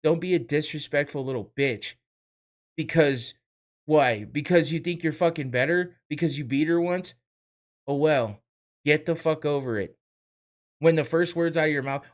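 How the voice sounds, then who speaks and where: A man's voice: on the high side, moderate pace. Man ranting, profane and blunt. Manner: blunt, swearing, laughing between jabs. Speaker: podcast host. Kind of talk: heated profane rant.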